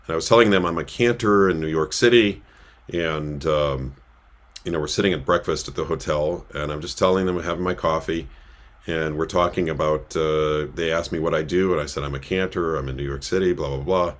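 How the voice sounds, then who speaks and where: Very deep-voiced rambling male cantor. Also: steady tone, a little fast. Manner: rambling, with many filler sounds. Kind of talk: casual storytelling on a livestream. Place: synagogue.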